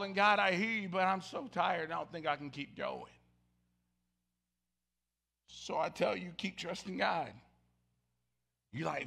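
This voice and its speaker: A middle-aged man preaching a lively sermon, jumping between shouted lines and low, quiet asides. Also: unhurried, gravelly, pauses often, breathy edge. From Southern United States. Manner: animated storytelling, swinging from loud shouts to low murmurs. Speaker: pastor. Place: church sanctuary.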